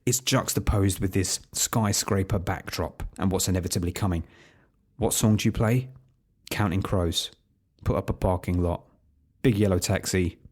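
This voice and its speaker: A man's voice: deep voice, darkish tone. A man hosting a film podcast, giving a wry, opinionated solo review with sarcastic asides. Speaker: podcast host reviewing films.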